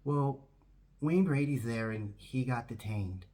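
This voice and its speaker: A man's voice: medium pitch, slow, dark tone. A man voicing an insistent woman from a game show, making pushy requests over the phone.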